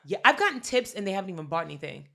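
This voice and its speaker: A woman's voice: mid-range voice, sing-song, racing, creaky, bright, forceful tone. A young woman co-hosting a podcast in casual chat, telling stories with slang and swearing and mimicking customers' voices. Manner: profane, slangy. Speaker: podcast co-host.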